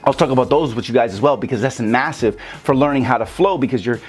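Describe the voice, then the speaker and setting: A man's voice: mid-range voice, fast, slightly rough, soft background music. A young man giving a loose, casual rap lesson, cursing freely and breaking lyrics down vowel by vowel. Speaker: rap teacher. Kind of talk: casual tutorial talk.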